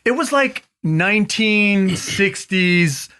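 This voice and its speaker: A man's voice: high voice, animated, takes it slowly, bright, forceful tone, clean tone. A man hosting a casual podcast chat, telling a story with hesitant ums and restarts. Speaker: podcast host.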